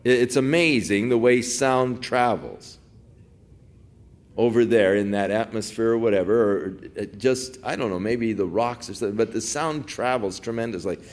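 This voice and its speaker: A man's voice: fairly low pitch, normal speed. A man teaching through a Bible passage as a pastor, talking conversationally with digressive asides.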